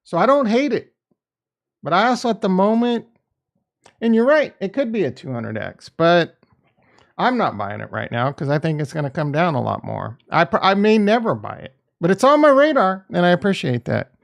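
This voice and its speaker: A middle-aged man hosting a casual crypto livestream, reading viewer comments in a blunt, profane, jokey way that swings between loud and soft. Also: sits high, sing-song, moderate pace, gravelly. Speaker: crypto stream host.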